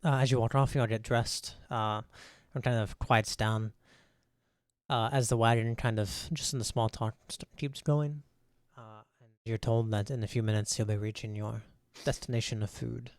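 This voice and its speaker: Man, game master, casual narration, fillers, mid pitch, dry sound. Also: normal speed, dry recording. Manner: relaxed narration full of fillers.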